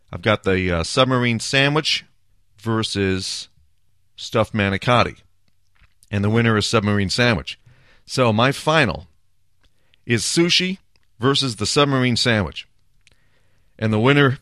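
A man's voice: on the low side, a bit bright, no echo, clean studio sound. A man hosting a casual solo talk segment, chatty and decisive as he runs through his picks. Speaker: host. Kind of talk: casual solo talk, playing a food bracket.

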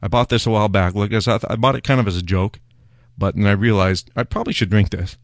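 A man's voice: lowish voice, fairly even intonation, fast talker, dry recording, clean studio sound. A man hosting his own beer show, talking casually in a rambling, wry, self-mocking way as he tastes a beer. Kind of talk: casual solo beer-tasting talk.

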